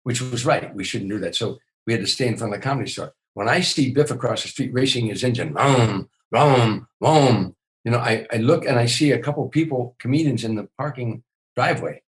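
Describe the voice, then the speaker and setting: Poor audio captures an older comedian guest speaking quickly at a medium pitch. He tells stories with animation in a podcast interview, often repeating words when beginning a sentence.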